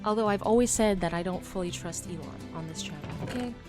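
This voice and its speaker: A woman streamer chatting casually with her chat while crafting, rambling with fillers and trailing off into quiet mutters as she works. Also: medium pitch, fast, over music. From United States.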